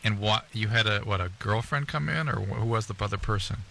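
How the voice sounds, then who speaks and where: A man hosting a radio call-in show, talking quickly and chattily with frequent restarts. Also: on the low side, vocal fry, sharp tone, slight background noise. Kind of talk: radio talk and interview.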